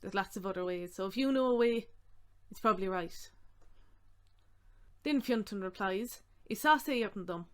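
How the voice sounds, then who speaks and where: An Irish-accented woman teaching a lesson. She speaks at a middling pitch and says each phrase slowly, then breaks it into single words and explains it plainly. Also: a bit bright. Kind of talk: slow, clear language lesson.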